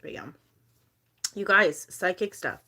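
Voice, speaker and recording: A young woman chatting casually on a live stream while she packs bracelet orders. She talks in a chatty, animated way and fills her stories with "like" and quoted dialogue. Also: mid-range voice, slow pace. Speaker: livestreamer selling handmade bracelets.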